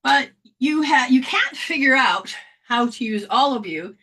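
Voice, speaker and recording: A woman gives a spiritual healing lesson in a loose, chatty way, acting out scenes and dropping in slang and the odd curse. Her voice sits fairly high and swings widely in pitch. The tone is bright and forward. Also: measured pace, breathy edge. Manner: animated, acts out scenes, casual slang and mild swearing.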